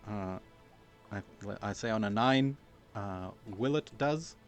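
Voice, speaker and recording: A man's voice: fairly low pitch, slow pace, soft background music. A young man running a tabletop game as game master, talking loosely with many fillers and restarts.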